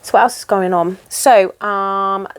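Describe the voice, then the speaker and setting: A woman's voice: mid-range voice, steady tone, unhurried. A woman in casual chat while she stitches, rambling and poking fun at herself. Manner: rambling, chatty and self-deprecating. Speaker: cross-stitch vlogger.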